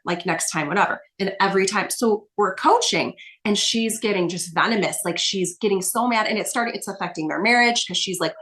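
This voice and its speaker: A woman's voice: mid-range voice, expressive, normal speed, fairly bright tone. A woman coach speaking as a podcast guest, explaining emphatically in casual talk and tagging points with "right?". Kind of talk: casual conversation.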